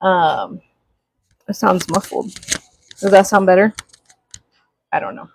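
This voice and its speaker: A young woman chatting on a craft livestream, greeting viewers with excited gasps. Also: on the low side, slow, vocal fry, breathy edge, no room sound, poor audio. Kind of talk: casual livestream chat. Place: craft workspace at home. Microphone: small clip-on mic.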